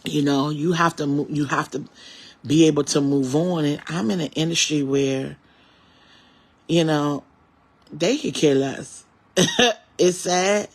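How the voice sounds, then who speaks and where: A man's voice: on the high side, measured pace, pauses often. A man in his forties, a comedian, talking earnestly and directly to his viewers in a reflective, faith-filled personal monologue. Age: 40s.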